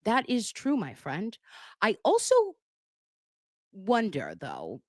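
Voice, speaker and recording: A woman's voice: medium pitch, wildly swooping pitch, takes it slowly, no room sound, studio quality. A woman hosting a casual live stream on a webcam, chatty and joking as she reads viewer messages aloud. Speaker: livestream commentator.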